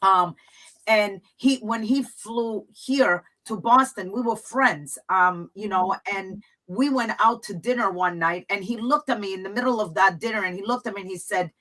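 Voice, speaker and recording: A woman's voice: mid-range voice, normal speed, fairly bright tone, poor audio. A woman hosting a talk show, speaking earnestly and from the heart as she shares her own story with her guest. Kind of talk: talk show conversation, personal testimony.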